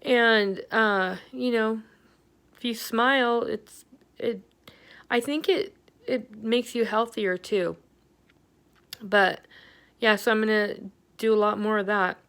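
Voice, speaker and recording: A woman's voice: a little high, fairly even intonation, takes it slowly, pauses often, a bit bright, clear, resonant tone. A middle-aged woman giving a candid, rambling health update on her vlog, venting with lots of fillers. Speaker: vlogger.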